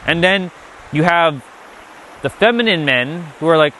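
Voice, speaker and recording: A man delivers an unscripted spiritual lesson, blunt and emphatic, swearing often. His slightly high voice is expressive and fairly bright, unhurried, with frequent pauses. A little hiss or hum is audible.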